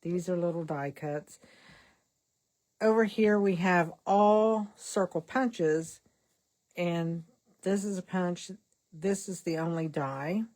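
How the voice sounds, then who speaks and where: An older woman talks through her card-making in a casual vlog, her voice on the low side with a darkish tone. She takes her time, pauses often, and rambles with self-deprecating asides.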